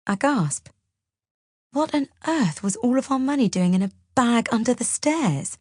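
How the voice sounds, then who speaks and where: A woman's voice: a little high, lively intonation, unhurried, a little mellow, husky, no room sound, clean studio sound. Woman reading a thriller. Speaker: audiobook narrator. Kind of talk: first-person novel reading.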